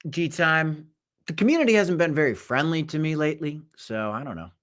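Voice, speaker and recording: A young man hosting a casual crypto livestream, talking in a rambling, animated way that swings between loud and quiet. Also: fairly high pitch, a little fast. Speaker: crypto show host. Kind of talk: casual livestream market chat.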